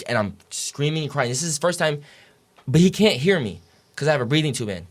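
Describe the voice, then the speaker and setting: A man's voice: a little high, lively intonation, fairly quick. A young man telling a story as a podcast guest, casual and profane, packed with "like" and "dude".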